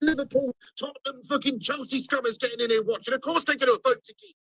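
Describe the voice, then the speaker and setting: A man's voice: extremely high pitch, fairly even intonation, fast, vocal fry, fairly bright tone, poor audio. A man ranting and swearing as he streams a football match live. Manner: angry, swearing rant. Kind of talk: live watch-along rant.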